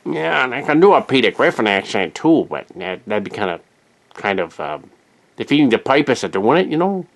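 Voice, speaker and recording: A man's voice: mid-range voice, very animated, a little fast. A man hosting his own show, rambling through a wry, self-interrupting casual rant to camera in a home studio. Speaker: show host.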